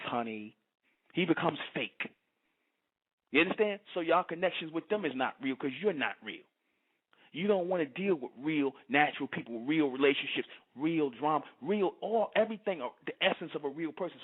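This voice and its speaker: Preachy man on a tinny phone line. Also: sits high. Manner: preachy, repetitive, keeps asking "you understand?". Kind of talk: lecturing monologue.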